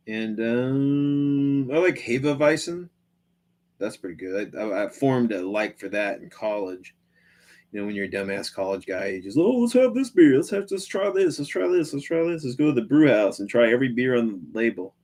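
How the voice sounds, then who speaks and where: A man with a lowish voice hosts a live stream, chatting casually and profanely with viewers as he rambles, full of fillers and restarts.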